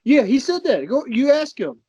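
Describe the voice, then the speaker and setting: A man's voice: very high-pitched, big pitch swings, moderate pace, mellow, slightly rough, no echo, lo-fi sound. A man chatting casually on a podcast, laughing often and joking crudely. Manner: laughs often, crude humor, restarts a lot. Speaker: podcast co-host.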